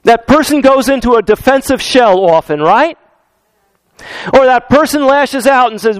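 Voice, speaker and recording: A man preaching a sermon in a church, unhurried and talking straight to his congregation, repeating key phrases for emphasis. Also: extremely high pitch, lively intonation, clear, resonant tone, no room sound. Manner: addresses congregation directly.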